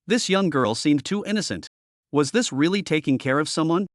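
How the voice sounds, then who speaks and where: A man reading a scripted story recap in an even, steady way. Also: on the high side, no echo, studio quality. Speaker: narrator.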